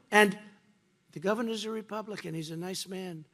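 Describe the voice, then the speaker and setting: A man addresses a rally from a podium microphone in a slightly high, gravelly voice. He repeats his phrases for emphasis and swings between loud, punchy lines and low, muttered asides. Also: moderate pace. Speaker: political speaker at a rally. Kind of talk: rally speech. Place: campaign rally before a crowd.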